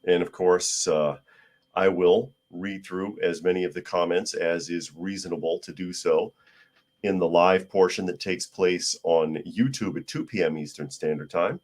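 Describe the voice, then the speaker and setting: A hoarse man hosting a casual news talk podcast, chatty with wry asides. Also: low-pitched, a little mellow. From United States. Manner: chatty, wry asides, talks to his cat. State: hoarse from a cold. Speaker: podcast host.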